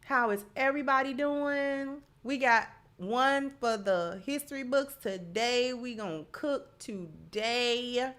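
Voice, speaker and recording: A woman's voice: fairly high pitch, slow, few pauses, a bit bright, clean tone. A woman hosting a live stream, chatty and emphatic, thanking viewers by name and sounding stuffy from allergies. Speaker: channel host. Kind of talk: live-stream talk, reading viewer comments.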